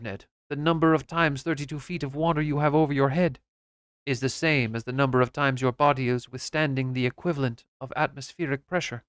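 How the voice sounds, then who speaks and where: Man with a measured audiobook reading voice. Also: medium pitch, dry recording, clean studio sound. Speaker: audiobook narrator.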